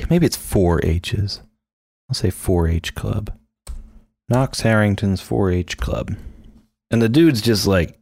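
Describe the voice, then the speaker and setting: A man talks slowly in a fairly low voice, chatting casually about a movie on a podcast. He slips into playful put-on voices when quoting lines. The recording is dry and close. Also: creaky, darkish tone, no echo. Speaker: podcast co-host. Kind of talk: casual film commentary chat.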